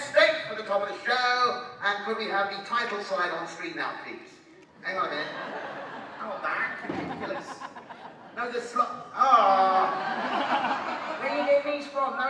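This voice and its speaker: A man hosting a live comedy stage show in a theatrical, mock-pompous, playful way. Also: high voice. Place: large hall with a live audience. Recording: echoey hall from far off, crowd noise.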